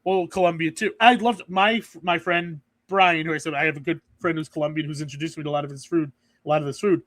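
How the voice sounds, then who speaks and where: Guy with a high voice rambling on a food podcast, dry close sound. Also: steady tone, fast, fairly bright tone, no room sound. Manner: rambling, restarts often. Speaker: podcast co-host. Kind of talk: casual chat.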